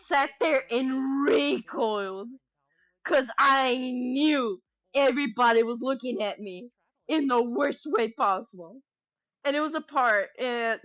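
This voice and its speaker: A woman's voice: a little high, fairly bright tone. A woman streamer chatting casually and rambling, giggling often and swearing freely as she jokes around. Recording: dull lo-fi stream audio.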